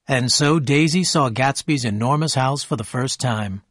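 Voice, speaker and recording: Male narrator, slow and clear, husky, dry close recording, for learner audiobook. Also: mid-range voice, a bit bright, no echo. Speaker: storyteller for English learners. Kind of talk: scripted narration.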